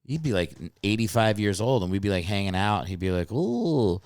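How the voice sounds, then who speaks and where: A man hosting a podcast in casual comedic chat, rambling and animated, jumping into high voices to act out stories. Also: quick pace, clean tone, dry recording. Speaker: podcast host.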